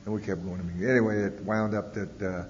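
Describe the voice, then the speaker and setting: Man, low voice, plainspoken storyteller at a podium, echoey hall on dull old tape. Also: fairly even intonation, fast, a little mellow, slight background noise. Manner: storytelling, frequent "uh" and "you know", blunt language. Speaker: speaker at a recovery convention. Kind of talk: personal testimony talk.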